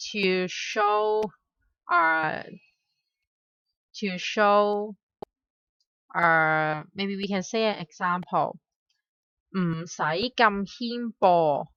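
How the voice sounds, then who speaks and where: A woman with a Hong Kong Cantonese accent teaches a language lesson, saying each word twice with patient care. Her voice is bright and clear, and she speaks very slowly. The recording is dry and a little dull. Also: mid-range voice, no echo. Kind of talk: slow spoken language lesson.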